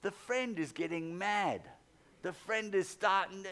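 A man's voice: high-pitched, moderate pace, a bit bright. A man preaching a sermon, rambling through a story and acting out the dialogue of the people in it. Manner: rambling, retelling anecdotes with quoted dialogue. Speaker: pastor.

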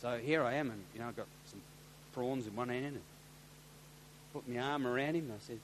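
An Australian man and pastor tells a story in a sermon, animated and getting loud when excited. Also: mid-range voice, fairly quick, long pauses. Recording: long hall reverb with faint hum.

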